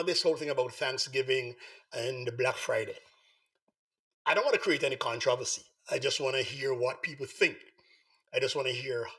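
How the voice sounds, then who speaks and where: A man hosting a live online talk show, hoarse from the flu, repeatedly coaxing viewers to join in. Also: fairly high pitch, a bit bright. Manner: repetitive, coaxing appeals to viewers. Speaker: host.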